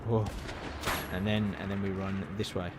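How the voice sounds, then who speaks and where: Excitable man streaming a game. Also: low voice, noisy background. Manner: excitable, swearing, quick reactions and laughs. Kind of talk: live gameplay commentary.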